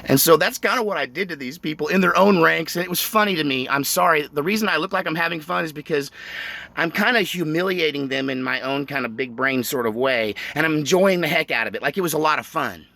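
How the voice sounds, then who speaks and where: Animated, bright-voiced man telling stories. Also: on the high side, fast talker, gravelly, no echo. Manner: animated, emphatic, laughs often. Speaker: vlogger. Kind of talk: casual storytelling monologue.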